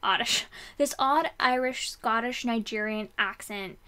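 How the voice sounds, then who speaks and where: A young woman chatting casually about books she read, rambling with fillers and quick restarts. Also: fairly high pitch, bright, forceful tone, clear, resonant tone. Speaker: book vlogger. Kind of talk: casual book review chat.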